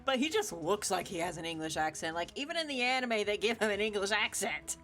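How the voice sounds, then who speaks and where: Chatty, animated woman streamer. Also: mid-range voice, brisk, faint music behind. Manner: chatty, giggly, lots of fillers. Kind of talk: casual chat while playing a game.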